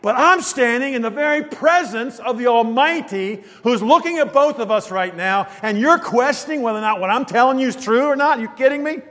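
A man voicing an indignant male archangel who scolds a doubting mortal, rising to a shout, with a long reverb around him. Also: very high voice, brisk, few pauses, pitched above the performer's own voice.

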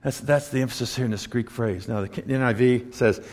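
A man preaching a sermon, telling stories and swinging between loud emphatic lines and hushed asides. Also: mid-range voice, fast. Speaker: pastor. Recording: long hall reverb.

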